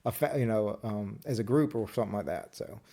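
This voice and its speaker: A man's voice: on the low side, animated, brisk, mellow. A man co-hosting a podcast in casual chat, rambling through stories and reading movie quotes aloud. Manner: rambling, restarts often, reads movie quotes. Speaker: podcast co-host.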